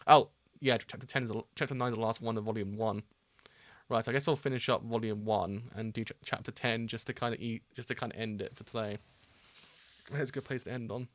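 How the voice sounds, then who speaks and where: Young man, manga reaction host, mid-pitched, casual, stumbling over words, dry close mic. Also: fast talker, no room sound. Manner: relaxed, stumbling, swears casually.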